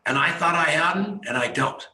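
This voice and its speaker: A man hosting a radio talk show, telling an excited story with acted-out dialogue. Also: on the high side, a little fast, reverberant, poor audio. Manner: excited, animated storyteller who acts out dialogue.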